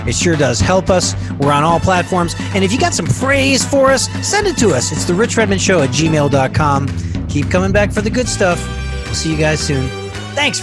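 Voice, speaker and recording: A slightly high-voiced man hosting a podcast, talking with upbeat enthusiasm. Music plays clearly underneath his voice. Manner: enthusiastic, friendly sign-off. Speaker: podcast host. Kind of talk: casual interview chat. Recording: music playing behind.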